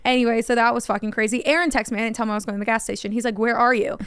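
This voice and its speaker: A woman co-hosting a podcast in casual chat, telling stories in an animated way and acting out what people said. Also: on the high side, racing, clean tone, no echo, clean studio sound. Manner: animated storyteller who acts out quotes. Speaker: podcast co-host.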